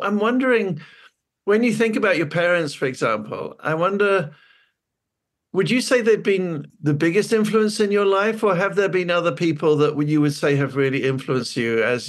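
A male interviewer asking gentle, thoughtful questions. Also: a little high, moderate pace.

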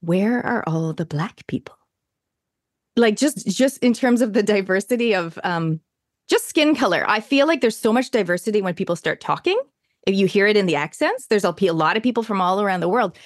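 A woman's voice: mid-range voice, expressive, a little fast, no echo, studio quality. A woman in her thirties with a Canadian accent, chatting in an interview in an enthusiastic, talkative way with lots of fillers. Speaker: interview guest. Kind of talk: casual interview chat.

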